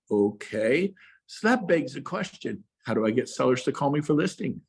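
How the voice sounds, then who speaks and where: A man's voice: medium pitch, lively intonation, moderate pace, vocal fry, husky. A man, a real estate coach, giving an emphatic motivational speech to agents and firing rhetorical questions at them. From Texas.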